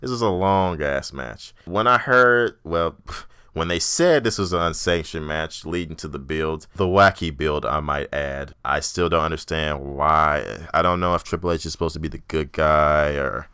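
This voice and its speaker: A man's voice: rumbling low, normal speed, sharp tone, smooth, no echo, clean studio sound. A young man hosting a podcast, giving a blunt, profane, ranting review and mocking people in exaggerated voices. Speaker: podcast host. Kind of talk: casual solo wrestling review.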